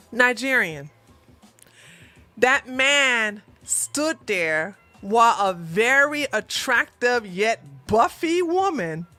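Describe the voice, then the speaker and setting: A high-voiced woman hosts a casual livestream, chatting animatedly with her viewers. She laughs often and talks back to the chat.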